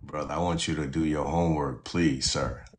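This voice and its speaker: A man's voice: a bass voice, steady tone, moderate pace. A man hosting a casual live-stream chat about gardening, folksy and preachy, with "you know" at every turn. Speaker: host.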